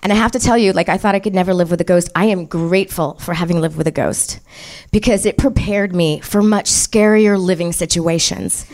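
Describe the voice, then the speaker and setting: A woman telling a comic ghost story to an audience, animated and profane, often laughing as she talks. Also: lowish voice, brisk.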